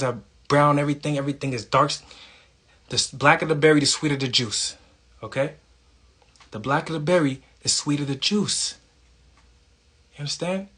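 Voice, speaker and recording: A man's voice: mid-range voice, fairly bright tone, slightly rough. A man giving a casual, preachy monologue, emphatic and profane, punctuating points with "okay?". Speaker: self-styled spiritual speaker.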